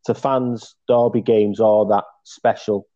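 Guy doing the interview, low mellow voice, lots of uhs, bit muffled. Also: little pitch movement, slow pace. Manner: hesitant, with many "uh"s and "mm"s. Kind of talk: interview questions. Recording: slightly dull lo-fi audio.

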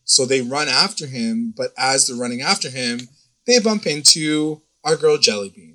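A young man with a very bright, sharp-edged voice talks through a TV episode in loose, casual chat. He rambles, piles up fillers and slips into quick quoted voices of the characters. His pitch sits at a middle level. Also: poor audio. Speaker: co-host recapping a TV episode.

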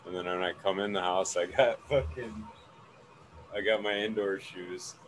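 A man's voice: sits low, steady tone, normal speed. A middle-aged grandfather chatting casually on a podcast, easygoing and chuckling, saying "dude" a lot. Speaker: podcast co-host. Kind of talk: casual chat. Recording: noisy room ambience.

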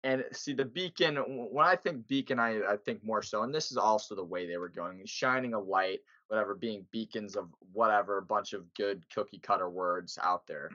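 A man co-hosting a podcast in casual sports chat, animated and pressing with emphatic questions. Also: fairly low pitch, normal speed, few pauses, dry recording. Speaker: podcast co-host. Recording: dull lo-fi sound.

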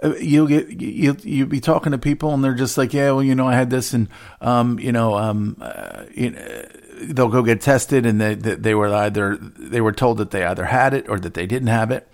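A man's voice: mid-range voice, animated, moderate pace, creaky, hardly any pauses. A man with an ordinary mid-range voice rants in casual chat. He is indignant and profane, and he often stumbles and restarts his sentences.

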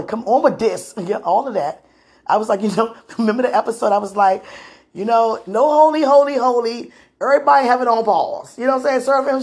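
A woman's voice: fairly low pitch, vocal fry, husky. A woman hosting a podcast from her home, talking intimately to a listener in an affectionate tone, laughing often and calling out to God. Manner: affectionate, laughs often, frequent religious exclamations. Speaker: podcast host and mother. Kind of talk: intimate one-sided podcast chat to a listener.

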